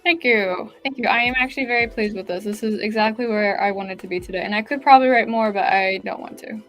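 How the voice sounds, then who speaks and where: A woman's voice: mid-range voice, quick pace, a bit bright, faint music behind. A woman hosting a live writing-sprint stream, chatting casually and reading viewer comments aloud, with lots of "like" fillers.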